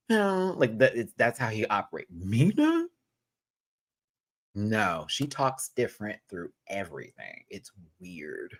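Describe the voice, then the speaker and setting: A young man giving casual, expressive commentary as a reviewer of a reality show, often swinging into high exclamations.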